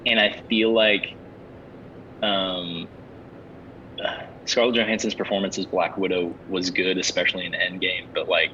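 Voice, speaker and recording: A man's voice: little pitch movement, a little slow, long pauses, bright, forceful tone. A man co-hosting a casual podcast chat, rambling with restarts and fillers, recorded away from his usual setup. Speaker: podcast co-host. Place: at home away, no studio setup. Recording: dull lo-fi sound with faint rumble.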